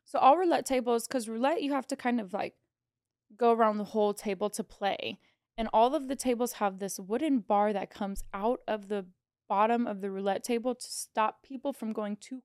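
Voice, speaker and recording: A woman's voice: fairly high pitch, no room sound, studio quality. Chatty woman telling a story. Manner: animated, heavy use of "like", swearing. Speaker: podcast co-host, casino dealer. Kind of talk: casual storytelling chat.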